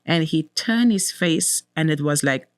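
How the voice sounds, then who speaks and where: A middle-aged woman with a somewhat low voice tells a painful personal story as an interview guest. She speaks from the heart, repeating key words for weight and quoting her own prayers. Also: expressive, a little slow. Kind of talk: emotional personal testimony.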